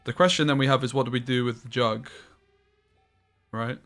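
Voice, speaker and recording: Guy streaming a card game, mid-pitched voice, muttering his plays out loud, swears a lot. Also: fairly even intonation, moderate pace, soft background music. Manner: thinking aloud, muttering about plays; casual swearing. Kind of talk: live card game commentary.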